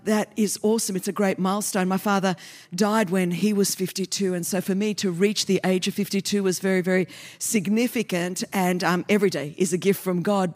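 Aussie woman in her 50s preaching, pumped up, cracking jokes, talks fast and nonstop, mid pitch. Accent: Australian. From Australia. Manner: fired-up, joking, fast and continuous. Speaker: guest preacher. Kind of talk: energetic sermon.

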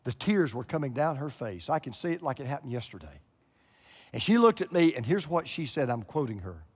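A pastor preaching a televised sermon, swinging between hushed and loud emphatic lines. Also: male voice, medium pitch, very animated, a little fast, husky, in a large hall. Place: large church room.

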